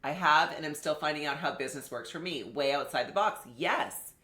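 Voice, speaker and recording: Woman business coach, low and bright voice, lively and conversational, roomy sound. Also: brisk. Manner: animated, conversational, addresses viewers directly. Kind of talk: live online masterclass teaching.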